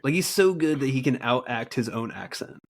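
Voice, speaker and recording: A laid-back man co-hosting a podcast, with a wry, easy delivery and frequent laughter. His voice sits at an ordinary middle pitch for a man. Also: lively intonation, brisk, noisy background. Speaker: podcast co-host. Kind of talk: casual banter.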